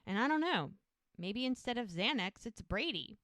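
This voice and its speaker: Recorded in studio quality with no room sound, a podcast co-host chats casually about TV, retelling scenes and voicing the characters. Her voice is fairly high and fairly bright, with lively intonation at a moderate pace.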